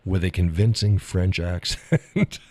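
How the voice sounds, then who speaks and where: A man's voice: sits low, big pitch swings, slow pace, a little mellow, no room sound. A man hosting a live stream, chatting casually with viewers in a folksy, drawling way and laughing often.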